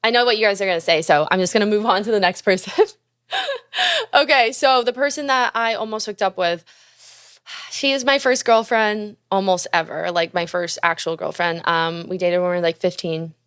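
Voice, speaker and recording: A woman's voice: medium pitch, fairly bright tone, clean tone. Young woman swearing through a storytime. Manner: fast, profane, confessional, laughing often. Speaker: podcast host. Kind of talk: candid storytime chat.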